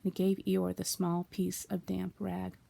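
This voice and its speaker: Gravelly-voiced woman reading a storybook aloud. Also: fairly low pitch, completely flat delivery. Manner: gentle, unhurried storytelling. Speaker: storybook reader. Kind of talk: reading a children's book aloud.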